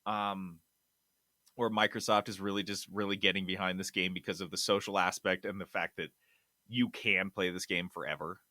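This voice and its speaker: A man hosting a casual gaming podcast, reading news with animated, loud bursts of enthusiasm. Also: deep voice, moderate pace, dry recording, studio quality. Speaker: podcast host. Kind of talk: casual chat.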